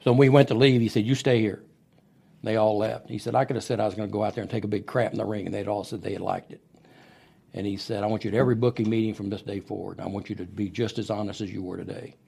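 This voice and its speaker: Husky and fairly low, with vocal fry, the voice of this middle-aged man races along. He's a podcast guest in a studio telling wrestling stories, animatedly acting out the voices of those he quotes in a storytelling interview.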